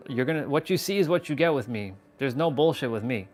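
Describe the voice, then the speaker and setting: A man's voice: medium pitch, lively intonation, fast talker, soft background music. A man hosting a casual motivational live stream while walking, blunt and emphatic, swearing freely. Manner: talks while walking on a step count.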